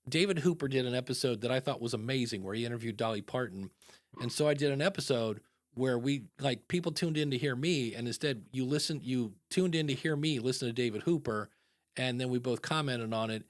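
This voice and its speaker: A man hosting a podcast in casual chat, animated and acting out quoted voices. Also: medium pitch, brisk, dry recording, clean studio sound. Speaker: podcast host.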